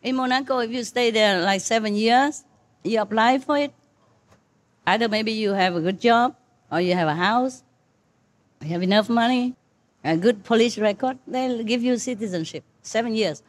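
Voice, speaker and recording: At a shared meal, an older woman who serves as a spiritual teacher relates a personal story to her disciples, chatting casually, laughing a lot and leaning on fillers. She speaks at a moderate pace in a fairly high voice.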